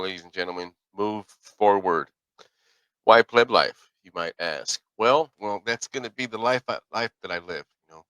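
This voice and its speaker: A middle-aged man speaks in a fairly low but bright, forceful voice. He rambles in an easygoing, folksy manner and stops to correct himself. The sound is dry and close, with little room in it. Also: clean tone, dry recording, poor audio. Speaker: podcast host. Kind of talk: casual solo commentary.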